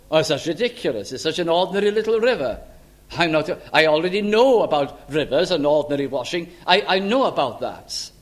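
A man preaching a sermon in an earnest, measured way, with frequent stammered restarts. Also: high-pitched, fairly bright tone.

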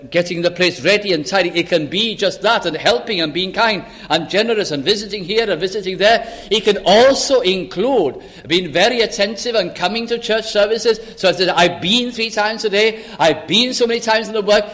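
Older man, preacher, earnest sermon, fairly high voice, loud scripture then quiet asides. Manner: earnest, rises for scripture, drops low and soft for emphasis.

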